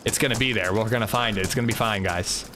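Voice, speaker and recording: A man's voice: lowish voice, quick pace, music in the background. A man streaming a video game, chatting casually and rambling jokily to his viewers. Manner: rambling, jokey, talks to chat. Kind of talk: casual livestream chat.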